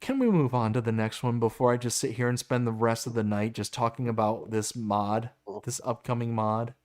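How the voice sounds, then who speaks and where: A man's voice: mid-range voice, moderate pace, darkish tone. A man co-hosting a casual live stream, stammering and exasperated as he reacts and reads chat comments aloud. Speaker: livestream co-host.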